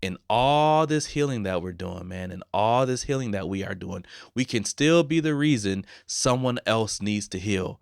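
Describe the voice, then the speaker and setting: A man's voice: mid-range voice, unhurried, gravelly, clean tone, dry recording, clean studio sound. A man, hosting his podcast in an earnest, heartfelt way. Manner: earnest, heartfelt, builds to animated preaching. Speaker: podcast host. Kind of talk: casual solo podcast talk.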